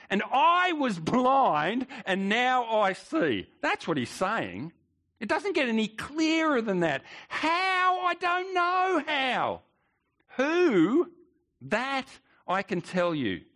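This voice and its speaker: A man's voice: high-pitched, very animated, slow pace, a bit bright. A male pastor preaching a sermon, emphatic, with rhetorical questions and repeated words.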